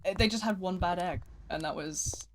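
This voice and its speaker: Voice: medium pitch, normal speed, slight background noise. Rambling British streamer. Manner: rambling and chatty, swinging between loud and quiet. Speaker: live streamer. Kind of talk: casual chat while gaming on stream.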